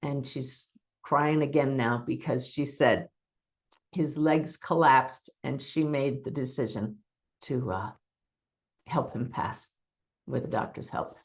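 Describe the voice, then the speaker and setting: A woman's voice: a bass voice, slow pace. A woman medium giving a webinar talk, recounting a reading expressively and teaching in an earnest tone. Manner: expressive, re-enacts dialogue while recounting.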